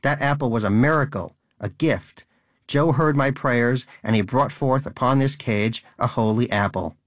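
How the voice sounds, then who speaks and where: A man's voice: medium pitch, normal speed, no echo, clean studio sound, lightly acted. A man voicing Donut, a devout, earnest male pet rodent who pleads in a fervent way.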